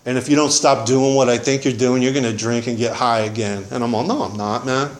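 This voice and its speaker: A man's voice: mid-range voice, steady tone, fairly quick. Rambling slangy man sharing his story. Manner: slangy, rambling, says man and dude a lot. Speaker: recovery meeting speaker. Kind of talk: casual personal testimony.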